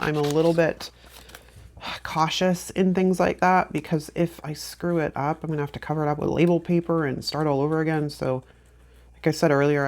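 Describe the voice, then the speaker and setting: A woman's voice: deep voice, slight background noise. A woman hosting a planner channel, talking through a craft tutorial in a chatty, rambling, self-deprecating way. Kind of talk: casual craft tutorial chat.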